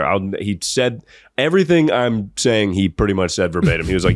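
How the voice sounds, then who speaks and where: A man's voice: fairly low pitch, sing-song, a little fast, dry recording, studio quality. A young man hosting a podcast, telling a comedic story in a rambling way and often laughing through it. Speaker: podcast host.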